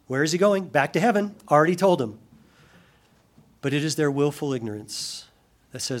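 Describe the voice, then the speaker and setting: A pastor with an expressive voice on the high side preaches, performing the voices he quotes. His volume jumps suddenly at times and sinks to a slow softness on weighty points.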